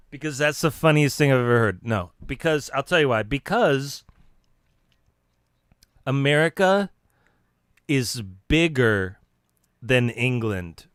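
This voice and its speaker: Smooth-voiced man joking on a live stream. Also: medium pitch, fairly bright tone, no echo, studio quality. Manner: joking mock-serious lecturing, halting restarts. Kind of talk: casual live stream rambling.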